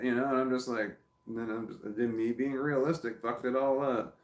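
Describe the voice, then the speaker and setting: A man's voice: medium pitch, brisk, echoey room. A man talking casually into his phone at home, rambling and swearing, with many restarts. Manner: rambling, profane, lots of restarts. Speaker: vlogger.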